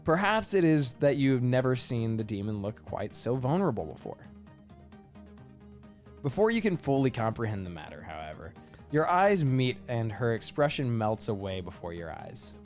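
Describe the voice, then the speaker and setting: Brief: male let's-play narrator, lively intonation, measured reading, quiet music underneath. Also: mid-range voice. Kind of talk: reading game narration aloud.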